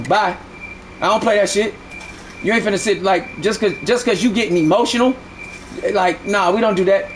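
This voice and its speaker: Streaming live, this man gets into a heated argument with his chat, going over the same points and swearing a lot. He has a high, slightly bright voice, and there's a faint hiss or hum on the audio.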